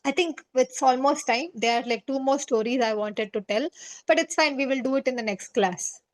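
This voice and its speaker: Teacher, woman, high voice, casual story time that keeps checking the class follows. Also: normal speed. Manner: chatty, checks in with "okay?" and "right?".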